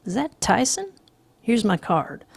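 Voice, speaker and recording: A woman voicing a brash, breezy businessman who talks loudly and brushes people off. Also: sing-song, measured pace, creaky, breathy edge, dry recording, exaggerated voice. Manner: breezy, booming, dismissive. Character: brash loud older Southern businessman.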